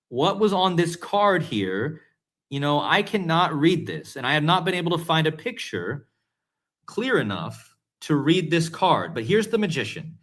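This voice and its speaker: A man hosting a livestream, talking in an excited, emphatic way and repeating points for his viewers. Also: a little high. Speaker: host. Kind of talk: livestream commentary.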